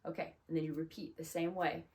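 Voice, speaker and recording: A woman's voice: sits low, little pitch movement, fast talker, gravelly, darkish tone. A woman giving a casual, chatty video lesson as a Spanish teacher, upbeat and full of "like" and "um". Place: small closet room.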